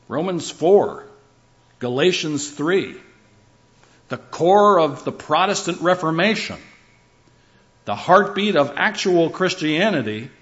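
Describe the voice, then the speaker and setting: A man's voice: fairly high pitch, fairly bright tone. Emphatic male preacher, slightly dull recording. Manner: emphatic, rhythmic lists with rising and falling delivery. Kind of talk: sermon.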